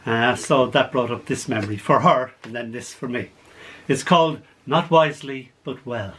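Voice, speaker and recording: A man reading his poems aloud to a small group over a video call, in an animated way with frequent laughs. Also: mid-range voice, moderate pace, breathy edge. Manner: animated, laughs between lines. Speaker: poet. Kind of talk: poetry reading.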